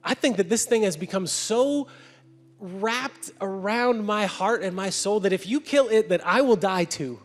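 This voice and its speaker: A man's voice: high-pitched, a little slow, in a large hall, faint music behind, pitched above the performer's own voice. A man voicing a timid, evasive ghostly man who stammers and backpedals nervously, in a sermon retelling. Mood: pleading.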